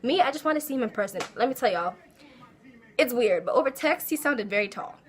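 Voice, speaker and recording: A young woman telling a casual storytime, animated and laughing as she acts out her own quotes. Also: on the high side, fairly quick. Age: young adult. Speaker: vlogger.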